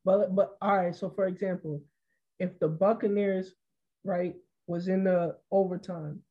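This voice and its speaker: A man's voice: high voice, fairly even intonation, unhurried, highs cut off. A man co-hosting a casual sports podcast, building his case step by step with examples. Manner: argues by walking through examples. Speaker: podcast co-host.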